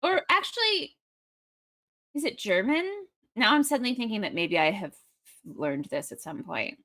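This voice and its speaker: A woman co-hosts a casual livestream chat, her voice lively and shifting in pitch. She laughs easily and thinks out loud in a playful way. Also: normal speed. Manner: laughs often, musing and playful. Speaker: livestream co-host.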